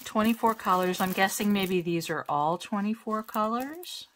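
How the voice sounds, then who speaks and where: A woman chatting casually at home as she unboxes diamond painting kits. She talks in a self-deprecating way, laughs often and thinks out loud. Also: mid-range voice, moderate pace, a little hiss or hum. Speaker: crafting vlogger. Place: home crafting space.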